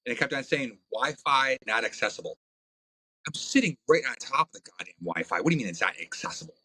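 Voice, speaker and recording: Man, podcast guest, blunt and crude storyteller, mid pitch, dry sound. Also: fast talker, breathy edge, no room sound, low-quality recording. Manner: blunt, crude, animated with frequent fillers. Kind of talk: profane casual storytelling.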